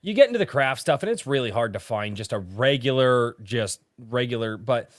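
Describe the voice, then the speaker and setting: A man's voice: medium pitch, expressive, normal speed, no room sound, studio quality. A man hosting a casual livestream chat, rambling with frequent restarts and casual swearing. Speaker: podcast host.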